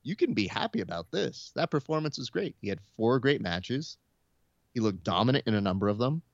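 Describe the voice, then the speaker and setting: Podcast host guy, super animated, lots of pitch swings, dull dry lo-fi audio. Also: brisk, creaky, dry recording. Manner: animated, acts out quotes. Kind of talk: casual chat about combat sports.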